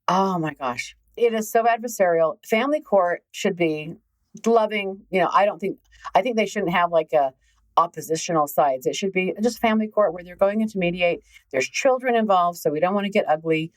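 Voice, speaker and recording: Middle-aged lady coach rambling on a podcast, kinda low voice, leans hard on words. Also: poor audio. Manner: emphatic, conversational, repeats words for stress. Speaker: host, relationship healing coach. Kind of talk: casual podcast monologue.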